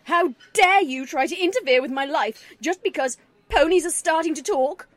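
A woman voicing a grieving young mare musician, weary and bitter, speaking low and subdued. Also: a little slow, breathy edge, dry recording. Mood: furious.

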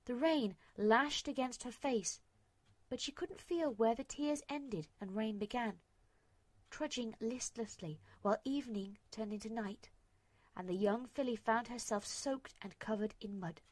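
A woman's voice: a little high, a little slow. Emotive woman reading a dramatic story. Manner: emotive, dropping to hushed whispers. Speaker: narrator.

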